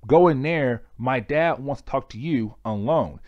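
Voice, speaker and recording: A man voicing a troubled teenage boy with a calm, reassuring, low-key manner. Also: measured pace, dry recording, highs cut off, close to an everyday voice.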